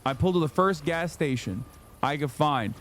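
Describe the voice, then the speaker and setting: A man in his thirties telling a story on his livestream, casual, profane and animated, jumping into high-pitched quoted voices. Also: normal speed. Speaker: streamer.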